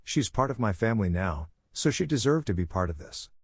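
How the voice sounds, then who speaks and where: A man narrates a first-person story in a steady, scripted way. His voice sits on the low side. The recording is close and dry, with no room sound. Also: fairly quick, slightly rough, no room sound.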